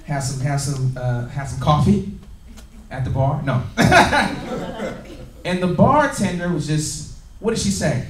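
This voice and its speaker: Energetic man training a crowd. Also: fairly high pitch, takes it slowly, long pauses, recorded from a distance, slight background noise. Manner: energetic, laughing, call-and-response with audience. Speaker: business trainer. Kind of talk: motivational training talk. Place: meeting room with audience. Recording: echoey room, recorded from afar.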